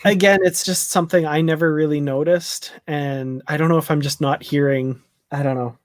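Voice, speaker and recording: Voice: mid-range voice, fairly even intonation, moderate pace, no echo, clean studio sound. A panelist on a live discussion show, easygoing and agreeable, laughing often.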